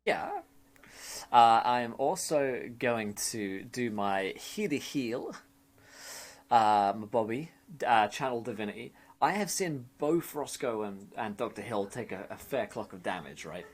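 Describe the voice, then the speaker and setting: A man's voice: medium pitch, animated, measured pace. Easygoing man playing a tabletop game. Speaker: player. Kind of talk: casual tabletop game play.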